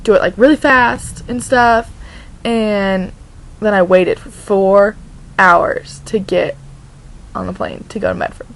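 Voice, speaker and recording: In a poorly recorded vlog with slight background noise, a young woman from Oregon, USA, talks casually at a medium pitch. She drifts from thought to thought, starting sentences over and dropping "like" almost constantly.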